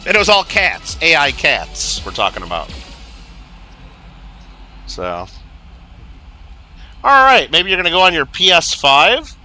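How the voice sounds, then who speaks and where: A man's voice: fairly high pitch, wildly swooping pitch, a little slow, pauses often, bright, forceful tone. Chatty man rambling over game music. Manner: rambling, filler-heavy storytelling with lots of "like". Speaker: livestream gamer host. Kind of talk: casual livestream chat while playing.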